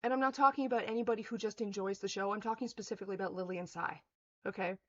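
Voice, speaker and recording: A woman's voice: medium pitch, fairly even intonation, rapid-fire, highs cut off. A young woman on her own video, ranting in fury with heavy profanity and cutting insults, at times mocking others in a sneering voice. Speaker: vlogger. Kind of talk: angry rant to camera.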